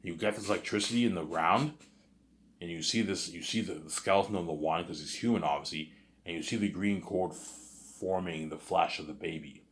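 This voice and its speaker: A man's voice: sits low, brisk. A man talking alone in a rambling, boastful monologue, repeating himself and restarting sentences as he goes. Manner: repetitive, restarts, keeps saying "obviously" and "you know what I'm saying". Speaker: vlogger.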